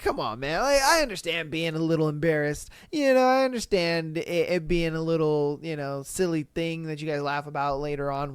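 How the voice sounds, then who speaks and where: A man hosting a casual solo podcast, reading listener stories aloud with animated, incredulous, swearing commentary. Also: a little high, smooth, no echo. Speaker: podcast host.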